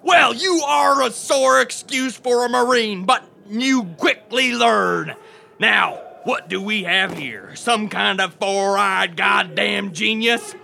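A gravelly, foul-mouthed drill sergeant hurls insults in a high, piercing, forceful bark. He drags each line out slowly and leans into every shout. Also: a little hiss or hum, exaggerated voice. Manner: insulting, rapid-fire tirades. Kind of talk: comedy sketch acting.

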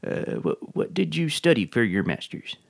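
An actor playing a calm, deadpan public radio host who keeps slipping insults into an interview. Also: male voice, mid-range voice, moderate pace, vocal fry, no room sound. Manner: calm, dry, oddly insulting questions.

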